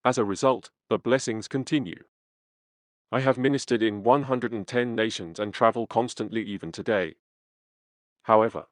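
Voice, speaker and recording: A man reading a first-person memoir aloud as an audiobook narrator, in a measured, earnest way. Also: fairly low pitch, no echo, studio quality. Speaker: audiobook reader.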